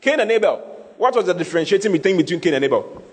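A man's voice: high-pitched, big pitch swings, fast. A man preaching a teaching sermon, repeating key phrases and checking that his listeners follow. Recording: long hall reverb.

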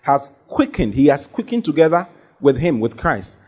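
Emphatic preaching man, warm husky voice. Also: fairly high pitch, very animated, moderate pace. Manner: repetitive, rising to emphatic preaching. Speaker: pastor. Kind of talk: sermon.

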